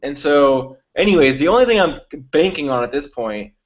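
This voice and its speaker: Animated young man telling a story. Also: on the high side, moderate pace, highs cut off. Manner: animated storytelling, acts out quotes, swears freely. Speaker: podcast co-host. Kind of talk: casual chat.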